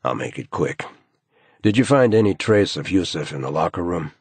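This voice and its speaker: A man's voice: deep voice, animated, moderate pace, gravelly, breathy edge, no room sound, full character voice. A man voicing a persistent, dry-joking male police detective who speaks insistently in an audiobook.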